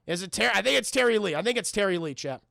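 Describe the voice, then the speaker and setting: Male streamer, sharp bright tone, gravelly, chatty and profane. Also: high voice, racing, dry recording, studio quality. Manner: profane, animated, talks to chat. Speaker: streamer reviewing a cartoon. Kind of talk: casual live-stream recap.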